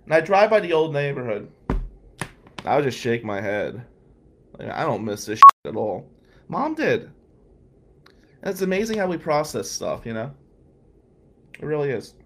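A man's voice: medium pitch, very animated, moderate pace, pauses often, pushed and bright, a little hiss or hum. A man telling a personal story in a candid, emotional way, with sighs along the way. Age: adult, past law school. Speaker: storyteller recounting his past.

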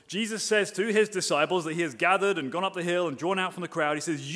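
Pastor preaching in a reverberant hall. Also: male voice, high voice, fast talker, fairly bright tone. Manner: many fillers and restarts, builds to emphatic repeated phrases. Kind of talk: sermon. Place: church hall, live sermon. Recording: long reverb of a church hall.

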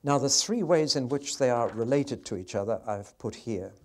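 A man giving a lively Bible teaching on poetry, often asking the audience questions and changing his pace. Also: medium pitch, moderate pace. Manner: expressive, varies pace, asks the audience questions. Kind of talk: sermon-style Bible teaching.

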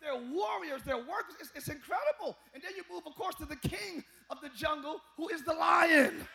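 Preacher guy with a really high gravelly voice, bright and punchy, hollering and joking at the crowd. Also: normal speed, hardly any pauses, slight background noise. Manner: animated, humorous preaching with shouts and chanting. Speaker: pastor. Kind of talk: sermon. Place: church sanctuary.

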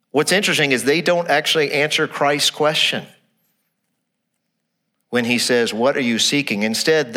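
A man preaching a sermon to his congregation in a church. He is animated, asks rhetorical questions and repeats his phrases. He drops to a low, quiet voice to stress a point. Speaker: pastor.

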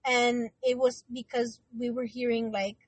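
A woman's voice: fairly high pitch, level tone, unhurried, dry recording. A young woman co-hosting a podcast, telling a story in rambling casual chat with lots of fillers. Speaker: podcast co-host.

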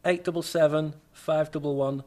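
A man's voice: a little high, fairly even intonation, moderate pace, a little mellow. A man with an English accent, co-hosting a podcast in casual, good-humoured chat. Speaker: podcast co-host.

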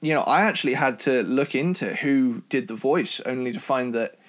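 A man from Cornwall with a British accent, co-hosting a casual album review chat in an enthusiastic, talkative way. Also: moderate pace. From Cornwall, England. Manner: enthusiastic, chatty, jumps in pitch when excited. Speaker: podcast co-host reviewing albums.

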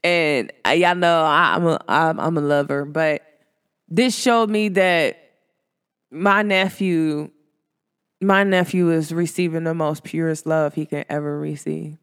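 A woman in her thirties, a host talking casually to her listeners in a lively, animated way, acting out quotes with big jumps in pitch. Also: a little slow, clear, resonant tone, long reverb tail. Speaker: podcast host.

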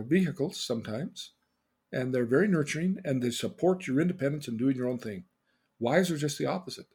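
A man's voice: mid-range voice, vocal fry, a little mellow, slightly rough. A middle-aged man, a therapist, telling a story about a client and acting out the dialogue in different voices. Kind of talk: storytelling talk.

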